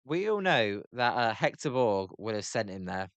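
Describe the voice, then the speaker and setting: A man's voice: lowish voice, big pitch swings, normal speed, a bit bright, no echo. A British man hosting a live stream, giving casual play-by-play reaction, chatty and grumbling, answering viewers by name.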